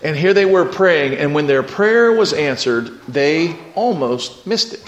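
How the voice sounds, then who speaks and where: A man preaching a lively storytelling sermon and calling on his congregation to answer back. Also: on the high side, unhurried, dull audio. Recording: echoey room with faint noise.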